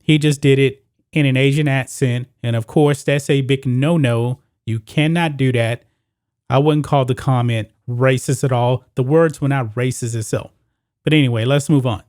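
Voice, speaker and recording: A man's voice: mid-range voice, steady tone, moderate pace, darkish tone, no room sound, clean studio sound. A man hosting his own sports commentary video, talking straight to viewers and reading news quotes aloud.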